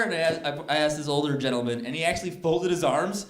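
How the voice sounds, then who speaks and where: A man performing a stand-up comedy set, telling stories in an animated way and jumping up high when he acts out scenes. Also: quick pace. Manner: animated storytelling, jumps to high excited pitch when acting out scenes. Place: comedy club stage before a laughing audience. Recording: echoey club room with crowd laughter.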